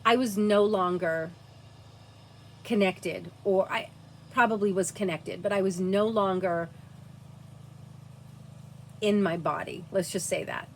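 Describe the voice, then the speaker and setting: A woman telling a personal story to camera, earnest and halting, dropping to a hushed near-whisper at times. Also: mid-range voice, fairly even intonation, a little hiss or hum. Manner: earnest, frequent "like" fillers.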